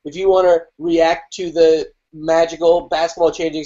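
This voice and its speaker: A man with a fairly high voice talks about teaching improv, animated and quick with profane asides. His audio sounds muffled and lo-fi, as over a video call. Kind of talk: casual panel chat.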